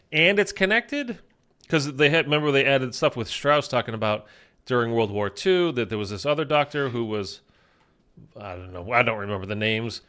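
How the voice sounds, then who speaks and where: A man's voice: medium pitch, fairly bright tone. A man chatting casually while he plays a zombie shooter, rambling with lots of fillers. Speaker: gaming YouTuber. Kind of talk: casual gameplay commentary.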